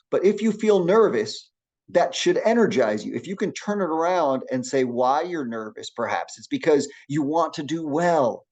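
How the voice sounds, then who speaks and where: A middle-aged man gives a classroom lecture on public speaking. His voice sits in an ordinary middle pitch, and he keeps it lively and encouraging, often restarting a phrase as he goes. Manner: energetic, encouraging, with frequent restarts.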